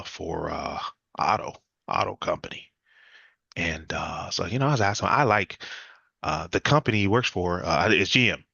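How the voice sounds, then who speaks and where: A man teaching a live sales class, acting out lively client conversations as examples. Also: vocal fry, breathy edge, no room sound, highs cut off. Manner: energetic, acts out client dialogue with jumps in pitch. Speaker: sales trainer.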